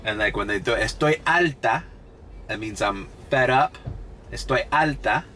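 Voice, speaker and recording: A man's voice: lowish voice, moderate pace. A man talking casually and profanely as he vlogs while driving for rideshare. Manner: profane, rambling, animated when quoting others. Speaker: rideshare driver vlogger. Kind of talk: casual vlog monologue. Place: inside his car. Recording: car with loud road noise.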